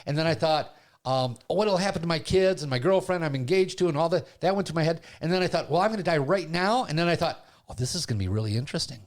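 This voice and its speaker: A man's voice: a little high, fast talker. An older man hosting a podcast, telling a personal story in a casual way and acting out what he and others said. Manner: animated storyteller who acts out his own past voices. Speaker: podcast host.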